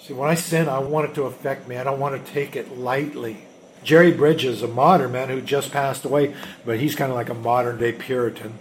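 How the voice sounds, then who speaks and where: A man preaching a sermon as a pastor, emphatic, swinging between loud urgency and hushed intensity. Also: mid-range voice, steady tone, brisk, a little hiss or hum.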